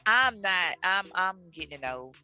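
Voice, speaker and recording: Lively, bright-voiced woman telling stories. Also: medium pitch, moderate pace, clean tone, faint music behind. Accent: Southern US. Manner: lively, acts out voices in her stories, laughs often. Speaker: author and podcast guest. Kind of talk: animated storytelling in casual chat.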